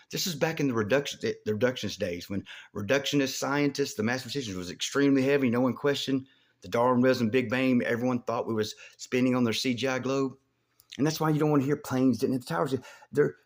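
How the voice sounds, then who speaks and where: Male vlogger, husky breathy voice, mid-range pitch; halting, rambling monologue that turns heated. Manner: rambling, halting, with many restarts and profanity; grows loud and heated. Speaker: video host.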